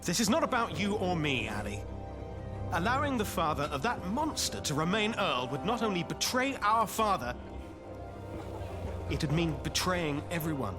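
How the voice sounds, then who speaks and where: An actor playing a proud, hot-headed young knight in a story-driven game, quick to anger. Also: male voice, sits high, big pitch swings. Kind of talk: game voice acting. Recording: game audio with loud music.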